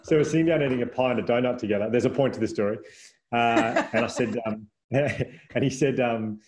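A man in his thirties, appearing as a podcast guest, swaps anecdotes in relaxed conversation. His voice is medium-pitched and fairly quick, and he tells stories with lots of energy, laughing often, restarting sentences and leaning heavily on "like."

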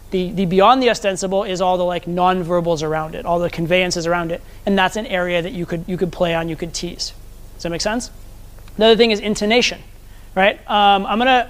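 A man teaching a live seminar as a social skills coach, talking conversationally and often checking in with the audience. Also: high voice.

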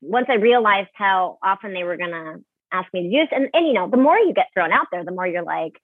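A woman's voice: mid-range voice, animated, a little fast, dry recording. A woman in her thirties from Utah, a ballet dancer, talking candidly and chattily as an interview guest, with many fillers. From Utah, USA. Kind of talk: casual interview. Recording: tinny phone line.

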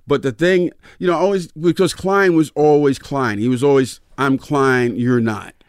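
A man's voice: mid-range voice, normal speed, no room sound, studio quality. A man, a comedian guest, telling stories casually in an interview and acting out the people he quotes. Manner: animated storyteller, acts out voices in quotes. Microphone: studio mic, dry garage room.

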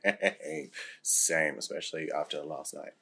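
A man's voice: extremely low pitch, fairly even intonation, a little slow, sharp tone. A young man cohosting a casual podcast chat, camp and playful, laughing often as he talks. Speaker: podcast co-host.

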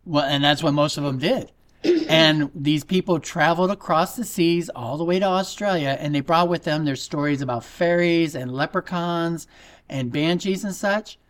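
A man's voice: a little high, moderate pace, a bit bright. Jokey male podcast host. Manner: jokey, puts on a fake accent at the start. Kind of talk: casual podcast storytelling.

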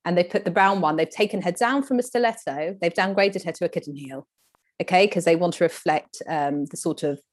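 Gossipy woman, low voice. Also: brisk. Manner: gossipy, animated, cheeky. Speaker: podcast co-host. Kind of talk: casual chat.

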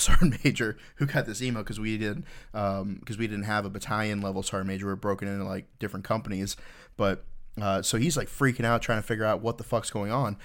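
A man hosting a casual podcast, telling profane military stories and acting out the people in them. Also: on the low side. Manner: profane storytelling with animated quoted voices. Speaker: podcast host.

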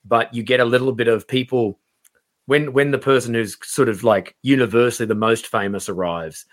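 A man, a stand-up comedian, chatting on a podcast and acting out quoted people in raised, lively voices. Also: medium pitch, moderate pace. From Australia. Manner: animated storyteller, acts out quotes in raised voices. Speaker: comedian guest. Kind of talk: casual podcast chat.

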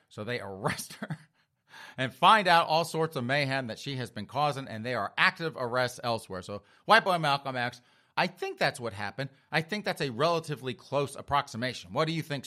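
Lively mocking male comedy host. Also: medium pitch. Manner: mocking, storytelling, addresses listeners as folks. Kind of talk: comedic news commentary.

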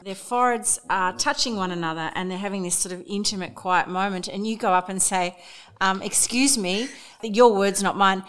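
A woman hosts a casual podcast interview in a mid-pitched voice. She is warmly enthusiastic and retells her guest's anecdotes back to him. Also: normal speed, smooth. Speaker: podcast host.

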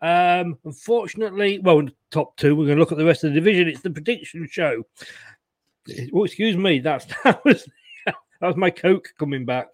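A man's voice: fairly high pitch, moderate pace, no echo. A man hosting a casual fan chat show, jokey and teasing, laughing often. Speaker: host.

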